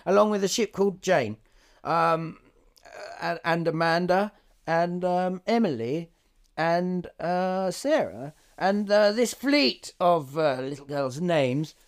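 Rambling man, lively high voice. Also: slow pace. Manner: rambling, deadpan absurd asides, many ums and uhs. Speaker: comedy podcast co-host. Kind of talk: improvised comic chat.

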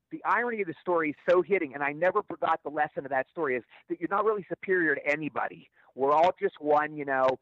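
A middle-aged man, an actor guest, telling stories in an interview in a rapid, stammering way with repeated words. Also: a little high, animated, no room sound. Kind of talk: storytelling interview answers. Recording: tinny phone line, dry.

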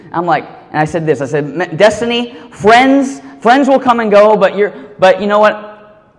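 A man giving a sermon, telling a story in a casual, animated way full of slang. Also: medium pitch, normal speed. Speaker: youth pastor. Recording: long hall reverb.

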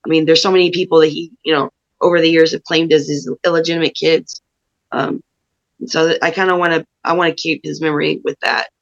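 A woman pro wrestler appears as a guest on a podcast, talking earnestly and thoughtfully in a casual way. Her audio is muffled and lo-fi, with the highs cut off. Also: fairly even intonation, fast, vocal fry. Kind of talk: casual interview talk.

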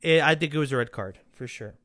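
A man hosting a football podcast, ranting sarcastically and swearing as he talks to the players directly, his voice worn from yelling. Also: mid-range voice, quick pace, dry recording, clean studio sound. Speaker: podcast host. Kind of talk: casual football rant.

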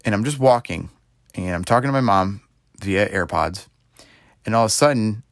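A man in his twenties telling a story in a casual monologue, rambling and filling gaps with "like", getting animated as he retells it. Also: on the low side, normal speed, dry recording, clean studio sound. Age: 20s. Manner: rambling, heavy use of "like" fillers; animated retelling with rising exclaims. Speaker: podcast host.

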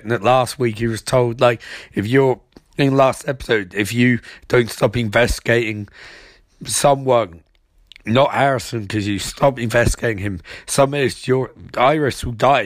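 A man's voice: mid-range voice, normal speed, no echo. A man recapping a TV episode as comedy, rambling with stumbling repetitions and crude jokes.

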